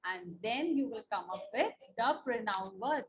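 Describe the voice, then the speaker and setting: A woman's voice: a little high, lively intonation, moderate pace, highs cut off, slight background noise. A woman with an Indian English accent teaching an online class, patient and repetitive, checking in with "okay?" as she goes. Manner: patient, repeats points, asks "na?" and "okay?".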